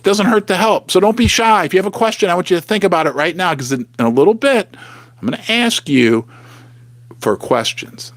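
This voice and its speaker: A middle-aged man hosting a live stream from his basement, talking straight to viewers in an animated, emphatic way. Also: high voice, no echo. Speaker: livestream host. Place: home basement.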